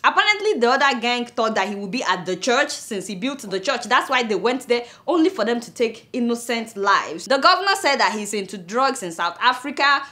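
Lively, bright-voiced Nigerian woman host. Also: fairly high pitch. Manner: outspoken, sarcastic, laughs at the news. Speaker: show host. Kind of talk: commentary show.

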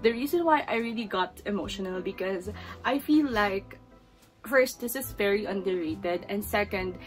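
A woman's voice: medium pitch, moderate pace, soft background music, rough recording. A young woman in her twenties with a Filipino accent, chatting in her book vlog, emotional and gushing, at times teary. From Philippines. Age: 20s. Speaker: book vlogger. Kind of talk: casual chat.

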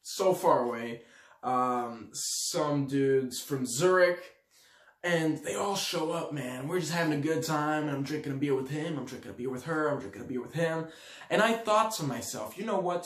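Animated young man telling a story. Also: a little high. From Switzerland. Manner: animated, slangy, acts out quotes loudly. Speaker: vlogger. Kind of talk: storytelling to camera. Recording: echoey room.

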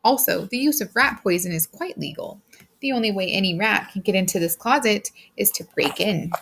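A woman's voice: medium pitch, normal speed, creaky, fairly bright tone. A woman reading the part of a ruthless, smug businessman husband, speaking coldly and harshly with a gloating edge.

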